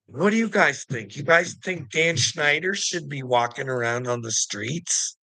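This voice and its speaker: A man's voice: a little high, animated, a little slow, pushed and bright, no echo, rough recording. A man in an angry, profane commentary rant, firing off rhetorical questions and mocking taunts. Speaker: vlogger.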